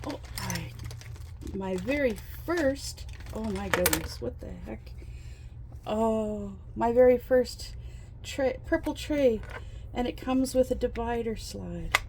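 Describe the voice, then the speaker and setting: A woman chatting casually while unboxing craft kits in her trailer home, gasping and gushing with excitement over each item. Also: fairly high pitch, takes it slowly, background noise. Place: inside her fifth-wheel trailer home.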